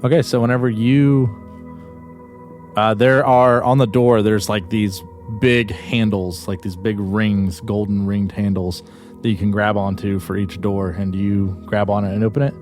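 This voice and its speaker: A man's voice: fairly low pitch, flat delivery, a little slow, darkish tone, soft background music. A man narrating as game master in a tabletop game, describing scenes loosely with many restarts.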